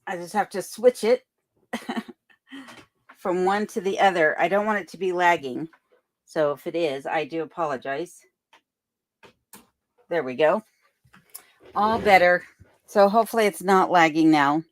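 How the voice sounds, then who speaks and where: Speaking at a measured pace with long pauses, a woman with a fairly low voice hosts a casual live chat from a remote home in Alaska. She reads out viewer comments and chattily thanks people, recorded echo-free on a desk microphone on a boom arm.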